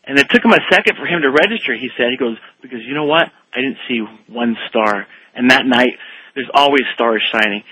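Rambling male caller on a radio show, bright breathy voice, acts out the quotes. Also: mid-range voice, a little fast, no echo, rough recording. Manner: rambling, animated storyteller who acts out quotes. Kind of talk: telling a story on a call-in radio show.

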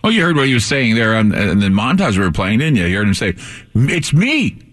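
A man's voice: on the low side, big pitch swings, quick pace, a bit bright. A man hosting a call-in talk radio show, speaking in a sardonic, mocking way. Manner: sardonic, mocking impressions of public figures.

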